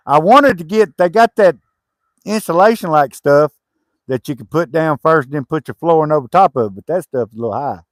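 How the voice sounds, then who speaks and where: A man's voice: on the high side, animated, fairly quick, no echo, clean studio sound. A man working on his homestead cabin, chatting casually, laughing easily and calling to his dogs. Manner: easygoing, laughs often, calls to dogs. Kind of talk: casual chat while working.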